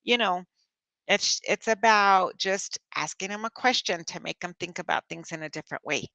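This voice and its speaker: A woman's voice: on the low side, normal speed, creaky, sharp tone, no echo. A middle-aged woman presenting an online coaching workshop, talking conversationally with personal stories and filler words.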